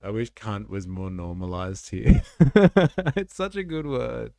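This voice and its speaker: A man's voice: on the low side, big pitch swings, a little slow, gravelly, warm tone, no echo, clean studio sound. A man hosting a live stream, chatting casually and reacting to clips with swearing and laughter. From Australia.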